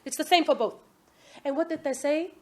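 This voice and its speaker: High-voiced woman teaching an Islamic class. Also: a little fast. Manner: asks the class "Yes?" often, lively quoting. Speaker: religious teacher.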